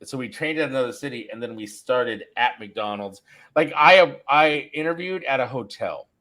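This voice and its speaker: A man's voice: medium pitch, expressive, moderate pace, pushed and bright. A middle-aged man hosting a podcast, telling a long story in a rambling, self-interrupting way. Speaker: podcast host. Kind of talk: casual chat.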